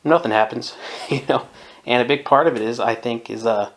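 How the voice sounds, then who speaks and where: A man's voice: mid-range voice, moderate pace. Opinionated man in his twenties, chuckling. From Southern California. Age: 20s. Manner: opinionated, chuckles often, mimics people in quotes. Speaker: podcast host. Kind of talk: casual monologue.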